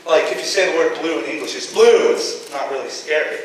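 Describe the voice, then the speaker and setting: A teenage boy performing stand-up comedy on a school stage, casual and deadpan with sudden shouted bits, recorded from far off in an echoey hall. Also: on the high side, brisk, a little hiss or hum. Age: teens. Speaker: student comedian.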